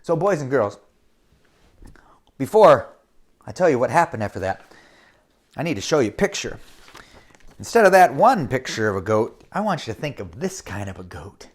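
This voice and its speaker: Animated woman telling a kids' story. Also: very deep voice, normal speed, long pauses, breathy edge. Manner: lively, addresses kids directly, acts out the action. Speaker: children's storyteller. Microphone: camera mic.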